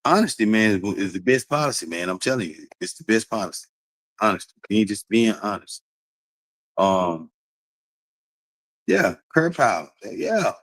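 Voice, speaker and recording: Speaking at a moderate pace with long pauses, this man has a lowish voice. He talks casually to his stream viewers, repeating himself, preaching a bit and laughing often, in an animated way; the low-quality recording has no echo.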